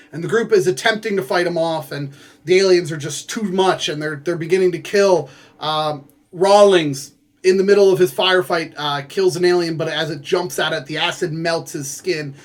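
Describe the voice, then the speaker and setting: A young man casually summarizing a novel's ending, rambling with fillers and acting out characters and gunfire. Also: a little high. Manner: rambling, lots of fillers and quick asides; acts out characters and gun sounds. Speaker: book reviewer.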